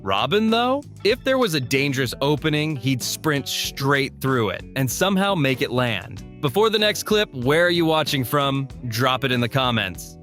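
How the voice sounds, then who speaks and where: Male narrator, mid-pitched voice, scripted voice-over, light background music. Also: very animated, normal speed, hardly any pauses, fairly bright tone. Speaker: compilation narrator.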